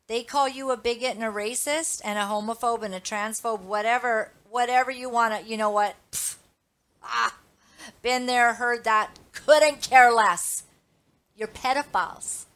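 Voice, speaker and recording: A woman's voice: a little high, fairly bright tone. A woman hosting her own Christian commentary show, talking straight to her viewers in an emphatic, indignant, preachy way. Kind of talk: impassioned live commentary.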